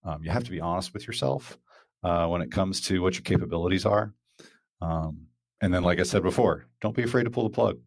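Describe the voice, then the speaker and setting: A man's voice: deep voice, brisk, slightly rough, no room sound, clean studio sound. A man hosting a casual podcast chat, talking loosely with lots of fillers and restarts. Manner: rambling, many fillers and restarts. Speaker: podcast host.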